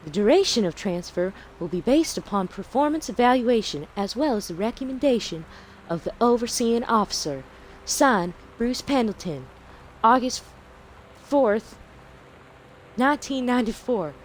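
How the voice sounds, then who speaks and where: Swooning southern belle lady, a canadian guy doing a bad impression, lively and over the top. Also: very high-pitched, normal speed, a little hiss or hum, poor audio.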